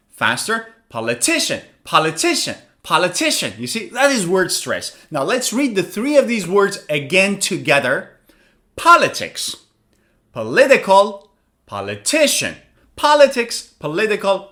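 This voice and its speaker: A man teaching an online pronunciation lesson, talking in a lively, animated way and drilling words slowly for listeners to repeat. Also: fairly high pitch.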